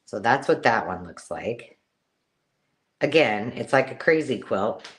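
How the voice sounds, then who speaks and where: A woman hosting a live-stream craft sale, chatty and excitable, counting items aloud as she shows them. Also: a bass voice, unhurried. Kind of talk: casual live-stream selling chat.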